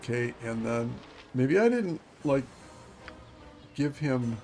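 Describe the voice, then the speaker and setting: A man in his fifties streams a game, rambling and chatting casually to himself and chuckling as he plays. His mid-range voice swings widely in pitch at a slow pace, with music playing in the background.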